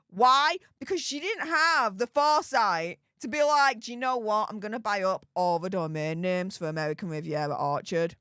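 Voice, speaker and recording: A woman hosts a casual commentary vlog, mocking what she reads out and exclaiming as she goes. Her voice sits a little high and swings widely in pitch. The sound is dry and close, with no room around it. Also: fairly bright tone, dry recording. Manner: sarcastic and mocking, exclaiming often. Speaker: commentary channel host.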